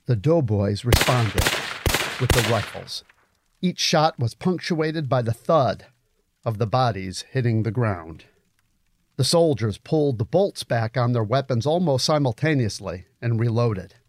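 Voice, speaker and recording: A man narrating a story in a measured, grave audiobook reading. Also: mid-range voice, lively intonation, no room sound. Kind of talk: scripted narration.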